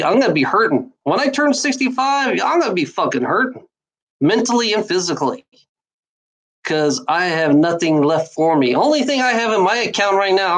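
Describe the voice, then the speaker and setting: A woman's voice: lowish voice, rough recording. A woman in her forties talking straight at the listener in a loose, casual monologue. She rambles, restarts and repeats phrases, and drops swear words all the time. Her tone is bitter and worn out. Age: 40s. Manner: rambling, repetitive, swears a lot. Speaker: vlogger giving life advice.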